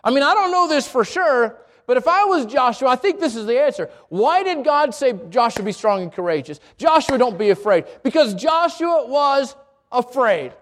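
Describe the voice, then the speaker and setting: High-voiced man preaching a sermon. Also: moderate pace. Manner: animated storytelling, acts out voices. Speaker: pastor. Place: church. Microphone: handheld or wireless microphone.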